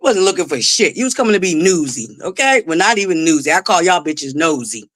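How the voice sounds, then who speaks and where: A woman's voice: fairly low pitch, sing-song, brisk, dry recording. A woman hosting a casual livestream who greets chatters by name, laughs often and swears freely. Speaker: livestream host.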